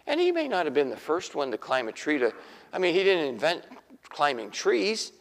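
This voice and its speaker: A man's voice: on the high side, very animated, brisk, vocal fry, a bit bright, long reverb tail. A man preaching a sermon in a folksy storytelling way, acting out the voices of the people in his stories.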